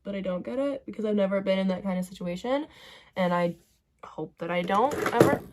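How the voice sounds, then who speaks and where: A woman's voice: mid-range voice, fairly quick, noisy background. A young woman vlogging casually while doing her makeup at her bedroom vanity, chatty and rambling, full of "like" fillers and drifting into tangents. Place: bedroom vanity lit by a ring light.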